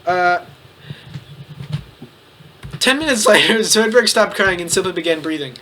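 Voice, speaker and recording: Young man, high-pitched, giggly, bright voice, faint background noise. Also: animated. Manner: giggly, quick to laugh. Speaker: co-host reading a fan story. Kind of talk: comedic reading with banter.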